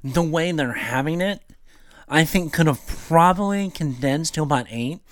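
A man's voice: a little high, normal speed, no echo, studio quality. A man co-hosting a casual chat show, opinionated and rambling with restarts as he makes his points. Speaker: podcast co-host.

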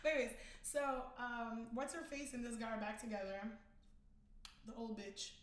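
A woman's voice: a little high, moderate pace, roomy sound. A woman co-hosting a casual gossip chat, telling stories with acted-out quotes and plenty of swearing. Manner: animated storyteller, acts out quotes, swears freely. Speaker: podcast co-host.

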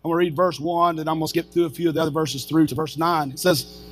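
A middle-aged man preaching a sermon as pastor, telling personal stories in an animated way and acting out the lines he quotes. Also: on the high side, quick pace, soft background music. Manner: animated storyteller, acts out shouted quotes.

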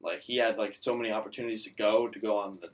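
A man's voice: fairly low pitch, steady tone, rapid-fire, recorded from a distance. A young man in casual podcast chat, telling a rambling story full of filler words.

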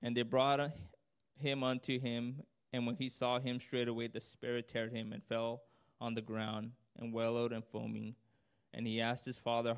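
A man preaching in a relaxed, conversational way, reading scripture and then unpacking it in his own words. His voice is smooth and clear at a middle pitch. When he presses a point he grows louder and higher, earnest rather than polished. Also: moderate pace. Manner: earnest, conversational, rising intensity on emphasis. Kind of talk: informal sermon with scripture reading.

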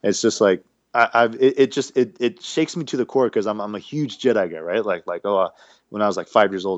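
Podcast co-host, man, fast rambling talk, lowish voice. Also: no room sound, lo-fi sound. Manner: rambling, animated, restarts often. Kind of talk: casual podcast banter.

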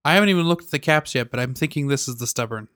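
A man in casual chat, playful, quick to joke and laugh. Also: mid-range voice, animated, fairly bright tone, smooth.

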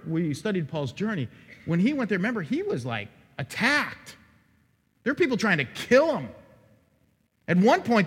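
Pastor, male, high and lively delivery, husky, dramatic sermon style; recorded with long hall reverb. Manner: animated, acts out quoted lines with sudden rises. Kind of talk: expository sermon. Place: church sanctuary.

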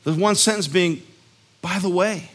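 A man's voice: high voice, unhurried, a bit bright. A man preaching a sermon as a pastor, conversational and earnest, telling stories and acting out quotes with emphasis. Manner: conversational, storytelling with acted-out quotes.

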